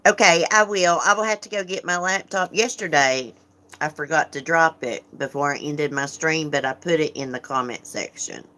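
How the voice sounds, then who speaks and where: A woman with a low voice hosts a casual livestream. She talks frankly and chattily, laughing often and greeting viewers by name as she reads their comments. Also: moderate pace, bright, forceful tone. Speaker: livestream host.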